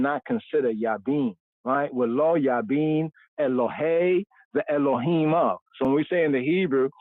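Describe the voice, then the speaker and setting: A man's voice: medium pitch, no echo. A man teaching scripture over a phone-like line. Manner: explains slowly, repeats words and asks "right?" often. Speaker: podcast host teaching scripture. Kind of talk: teaching a Bible lesson. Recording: phone-like livestream audio, dry.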